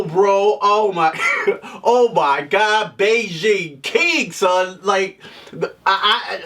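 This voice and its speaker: A man's voice: high-pitched, bright, forceful tone, distant mic. A man giving a casual, comedic movie review, joking and swearing as he rants. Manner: profane, joking rant with frequent laughs.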